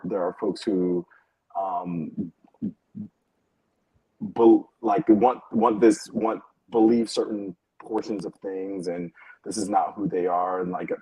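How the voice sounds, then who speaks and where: Low husky man in dry room. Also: warm tone, dry recording, poor audio. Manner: hesitant, many fillers and restarts, laughs between points. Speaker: panel guest. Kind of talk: casual panel discussion. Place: at home. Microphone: video call.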